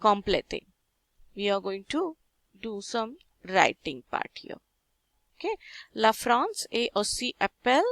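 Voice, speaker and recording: A woman's voice: mid-range voice, sing-song, unhurried, long pauses, a bit bright, no echo, studio quality. A woman with an Indian accent, teaching a French lesson patiently in English, asking viewers questions and reading French terms aloud. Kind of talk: slow step-by-step lesson.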